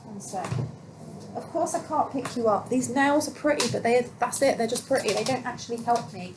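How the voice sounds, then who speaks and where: A woman's voice: fairly high pitch, moderate pace, background noise. Chatty woman giving a tarot reading. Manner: chatty, rambling, many fillers and restarts; talks to herself while handling cards. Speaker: tarot reader. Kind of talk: casual collective tarot reading.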